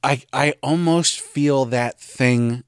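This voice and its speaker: A man co-hosting a podcast, chatting in a relaxed way and reading the sponsor plugs plainly. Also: mid-range voice, slow pace, clean tone, no room sound, clean studio sound. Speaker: podcast co-host. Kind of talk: casual chat.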